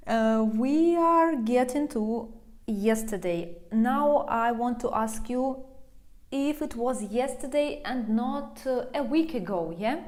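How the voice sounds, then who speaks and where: A young woman leads a video language lesson and explains each point patiently, step by step. Her voice sits a little high, and she takes her time. Every example gets an unhurried build-up. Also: expressive, a little mellow. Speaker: language teacher.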